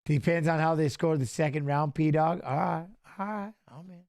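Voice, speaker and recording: Fired-up guy with a high voice calling a fight live, talks over everything. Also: creaky. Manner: excitable, talks fast over the action, shouts at fighters. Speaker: watch-along host. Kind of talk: live fight commentary and chat.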